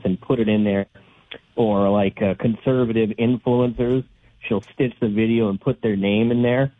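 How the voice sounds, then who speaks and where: A man's voice: mid-range voice, no echo. Male call-in listener, indignant and rambling; dry, phone-like sound. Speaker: caller. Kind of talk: call-in radio chat. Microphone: telephone. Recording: tinny phone line, husky.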